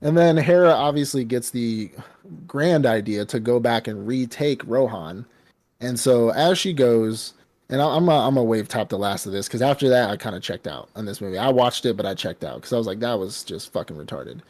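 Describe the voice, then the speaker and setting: A man's voice: medium pitch, a little fast. A man co-hosting a podcast, recapping a film in casual, rambling, profane chat. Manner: rambling, profane, animated storytelling. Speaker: podcast co-host.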